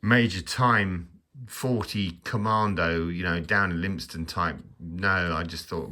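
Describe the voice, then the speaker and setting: A low-voiced man with a bright, forceful edge rambles through a casual review on his own channel. He stammers, trails off into asides and gently mocks himself along the way. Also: steady tone, slow pace. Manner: rambling, stammering, self-mocking with chuckles. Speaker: channel host.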